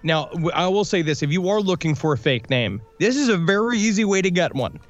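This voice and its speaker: A man's voice: sits high, lively intonation, fairly quick, highs cut off, faint music behind. A man co-hosting a podcast, reading supporter names and cracking crude jokes. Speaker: podcast co-host.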